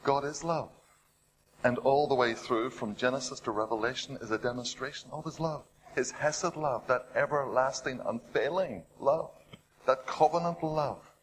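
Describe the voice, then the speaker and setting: A man preaching a sermon. He retells stories with rising drama, asks the listeners rhetorical questions and drops to a hush on heavy points. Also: mid-range voice, normal speed, slight background noise, rough recording.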